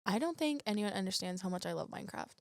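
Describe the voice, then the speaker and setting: A teenage girl, a chat show guest, talking loudly and playfully and laughing often. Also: medium pitch, lively intonation, quick pace, no room sound, studio quality. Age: teens. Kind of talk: casual chat.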